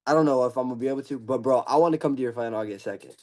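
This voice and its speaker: A man's voice: mid-range voice, very fast, a little mellow. An eighteen-year-old man hosts a podcast with a mid-range voice. He chats eagerly and casually, like a fan talking shop. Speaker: podcast host. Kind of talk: casual interview chat.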